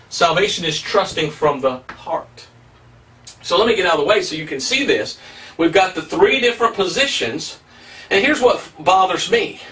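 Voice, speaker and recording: A man's voice: high voice, pushed and bright, distant mic. A male pastor preaching a sermon, emphatic and plain-spoken, asking rhetorical questions as he teaches.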